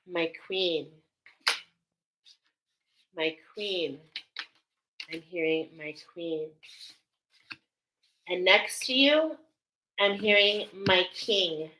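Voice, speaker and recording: Woman oracle reader, slow and bright, effusive, live-stream card reading with an American accent. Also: medium pitch, low-quality recording. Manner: effusive, exclaiming, laughing often.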